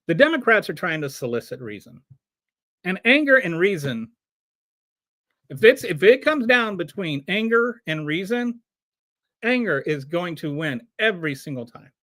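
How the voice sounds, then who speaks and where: A man hosting a show of casual political commentary, talking in an animated way with frequent restarts and rhetorical questions. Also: high-pitched, normal speed, dry recording, clean studio sound. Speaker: show host.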